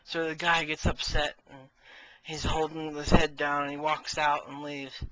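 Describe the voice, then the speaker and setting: A man's voice: on the high side, completely flat delivery, a little slow, bright, forceful tone, no echo, poor audio. A man casually telling jokes in a chatty, self-amused way as a vlogger.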